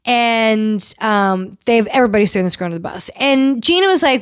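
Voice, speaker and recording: A woman's voice: on the high side, expressive, a little fast, hardly any pauses, clean tone, no echo, clean studio sound. A woman hosting a casual recap podcast, blunt and opinionated, who swears freely and scolds the cast members as if they could hear her. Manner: addresses the cast members directly, as if scolding them. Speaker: podcast host. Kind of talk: casual reality-TV recap commentary.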